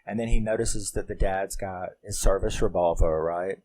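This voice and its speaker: A man's voice: low-pitched, fairly even intonation, moderate pace, warm tone, slight background noise, poor audio. A man casually recapping a film, rambling and emotional, with lots of fillers and swearing. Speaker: film reviewer.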